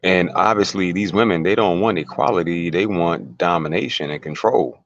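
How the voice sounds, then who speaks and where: A man's voice: low-pitched, moderate pace, gravelly, highs cut off. A man talking as an interview guest, emphatic and casual, repeating words and firing rhetorical questions. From United States.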